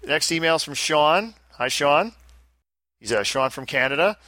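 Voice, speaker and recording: A man's voice: on the high side, animated, measured pace, sharp tone, no echo, studio quality. A man hosting a casual podcast, reading listener emails aloud with wry asides. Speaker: podcast host.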